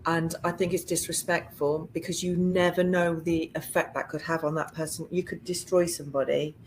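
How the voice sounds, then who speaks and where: A woman, a psychic medium, chatting casually and animatedly, often laughing and jumping up into a high voice to act out quotes. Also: level tone, normal speed, a little hiss or hum. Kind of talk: casual storytelling chat.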